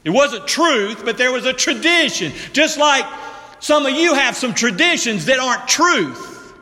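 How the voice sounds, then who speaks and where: A high, bright-voiced man preaches at an unhurried pace. He leans on emphasis and sinks into low, hushed tones, then turns to address his congregation directly. His voice rings with a long reverb, as in a church hall. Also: sing-song. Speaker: pastor. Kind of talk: sermon.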